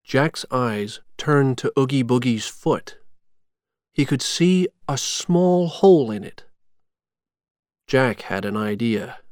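A man reading a storybook chapter aloud in a slow, measured, clear way. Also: mid-range voice, lively intonation, darkish tone, no room sound, clean studio sound. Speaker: narrator.

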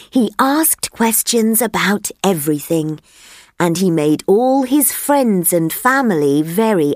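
Slow, clear woman reading a children's story. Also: mid-range voice, a little mellow, no echo, studio quality. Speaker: narrator of a graded reader. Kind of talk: scripted narration for language learners.

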